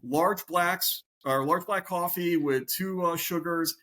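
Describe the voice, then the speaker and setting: A man's voice: high-pitched, slow, slight background noise. A middle-aged man and police officer telling stories in a casual interview, swearing a lot and acting out what he thought at the time. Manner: profane, animated, acts out his own past thoughts.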